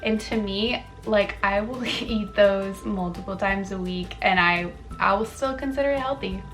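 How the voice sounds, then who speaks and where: A young woman vlogger chatting casually about herself, full of fillers like "like" and "um" and quick self-corrections. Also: medium pitch, a bit bright, faint music behind. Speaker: wellness vlogger. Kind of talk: casual chatty facts video.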